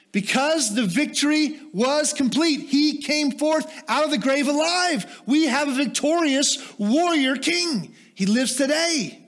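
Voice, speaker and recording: High-voiced man preaching a sermon. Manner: rhetorical questions, shifts from rising fervor to quiet teaching asides. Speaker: pastor.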